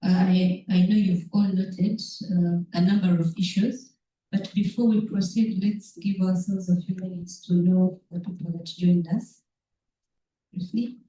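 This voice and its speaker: A woman with a low, very mellow voice moderates a formal meeting, polite and a little hesitant. She sounds far from the microphone in an echoey room. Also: little pitch movement, measured pace. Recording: echoey room, distant mic.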